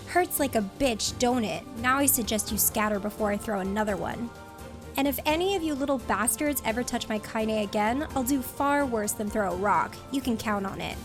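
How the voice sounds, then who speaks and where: A woman's voice: fairly high pitch, moderate pace, lightly acted. A woman voicing a vulgar, fierce old grandmother with a coarse, growling delivery, over faint background music. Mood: gruff.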